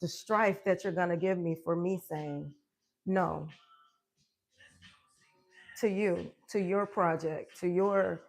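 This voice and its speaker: A woman's voice: lowish voice, steady tone, slow, vocal fry, long pauses, soft background music. A woman wellness coach chatting on a live stream at home, emphatic and affirming, often laughing as she talks. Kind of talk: live-stream motivational chat.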